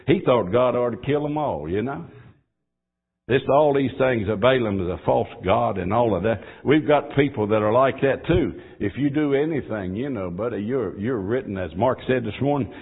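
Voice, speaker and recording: A man preaching a sermon. He moves between quiet, folksy asides and loud, fervent exhortation. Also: mid-range voice, animated, normal speed, husky. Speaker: pastor. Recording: tinny phone-like audio.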